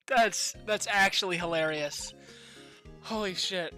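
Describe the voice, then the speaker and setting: A woman's voice: medium pitch, slow pace, bright, forceful tone, no echo, faint music behind. A woman streaming a game read-through, making giggly, offhand asides. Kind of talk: casual game reading stream.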